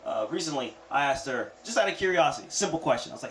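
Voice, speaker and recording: A man's voice: on the high side, very animated, fast, few pauses, a bit bright. A young man performing a stand-up comedy set, playful and punchy, with conversational asides to the crowd. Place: comedy venue with audience laughter. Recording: roomy live club sound.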